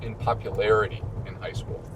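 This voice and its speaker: A man with a Midwestern American accent, a priest hosting a casual chat during a car ride and telling stories with lively quotes. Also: fairly low pitch, a little fast, slight background noise. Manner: chatty, storytelling with mimicked quotes. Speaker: priest and podcast host.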